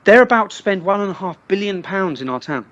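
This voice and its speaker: A man from Luton, talking as an interview guest in an animated way, often restarting and repeating words. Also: sits high, fast, highs cut off. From Luton, England. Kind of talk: casual interview chat.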